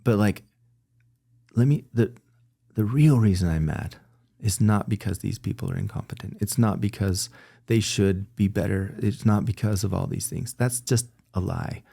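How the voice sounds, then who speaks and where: In a lowish, creaky voice that's warm yet slightly rough, a guest talks at a moderate pace during an interview. He's reflective and candid, earnest throughout, regularly self-correcting and restarting his sentences with little laughs.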